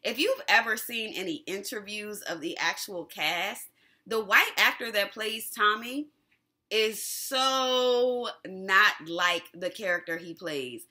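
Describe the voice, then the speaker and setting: A woman hosting a casual TV episode recap, animated and slangy, who laughs often. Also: medium pitch, takes it slowly. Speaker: TV recap host.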